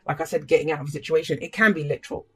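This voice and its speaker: A tarot reader gives a casual, emphatic reading to camera, speaking straight to viewers with blunt language, free swearing, and pep-talk encouragement. The voice is mid-range, fairly even in intonation, rapid-fire, fairly bright, and slightly rough.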